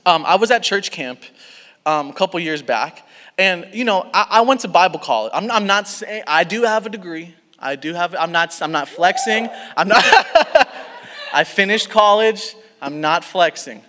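High-voiced young man preaching, lively. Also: moderate pace, in a large hall. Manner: animated storytelling with many restarts and asides. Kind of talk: sermon.

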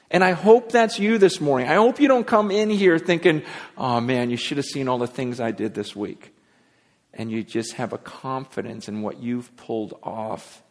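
A man preaching a sermon to his congregation, speaking with emphatic, animated delivery. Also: a little high, normal speed. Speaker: pastor. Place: church sanctuary. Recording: long reverb of a large hall.

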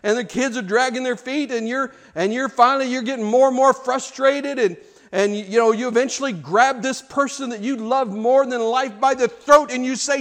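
A man's voice: very high-pitched, normal speed, fairly bright tone. A man preaching a sermon, telling stories with restarts and rhetorical questions. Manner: storytelling with repeated words and rhetorical questions. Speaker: pastor.

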